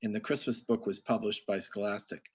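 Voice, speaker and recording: A man's voice: on the low side, fairly even intonation, brisk, fairly bright tone, breathy edge. A man hosting a casual video call, telling rambling stories to kids with lots of restarts. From Massachusetts. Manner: rambling storyteller, restarts often. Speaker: host.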